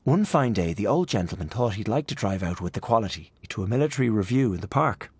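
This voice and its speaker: A man voicing a genial gentleman in a storybook reading, telling a tale in a mock-grand, humorous manner. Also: fairly low pitch, animated, fast, husky, no room sound, heavily acted.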